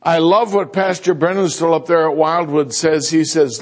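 A man preaching a sermon as a visiting preacher, folksy and animated, joking and mimicking other people's voices. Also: on the high side, normal speed, hardly any pauses. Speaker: guest preacher.

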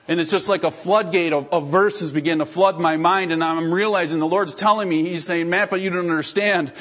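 A man in his thirties preaching a sermon as a pastor, telling lively stories with self-deprecating humor and often clearing his throat. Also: a little high. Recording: dull lo-fi sermon recording.

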